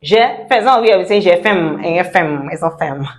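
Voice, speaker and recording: A woman giving a French pronunciation lesson, saying words slowly and repeating them, with small laughs now and then. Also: on the low side. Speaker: French teacher.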